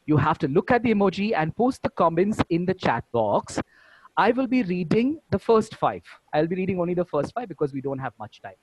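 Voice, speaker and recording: A man's voice: high-pitched, big pitch swings, brisk, a little mellow. A man with an Indian English accent running an online workshop, reading chat comments aloud one by one over a video call. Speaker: workshop presenter. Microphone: computer mic on a video call. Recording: dull lo-fi video call audio.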